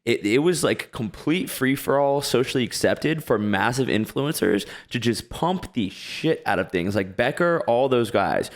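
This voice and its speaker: A man's voice: mid-range voice, lively intonation, unhurried, few pauses. A man hosting a casual podcast chat, rambling and asking questions between fillers. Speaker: podcast host.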